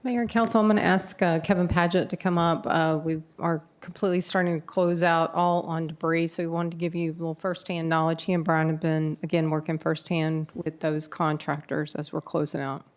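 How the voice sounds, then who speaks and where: A woman's voice: deep voice, little pitch movement, brisk, hardly any pauses. A woman city official formally introducing a staff presenter to the council. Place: council chambers.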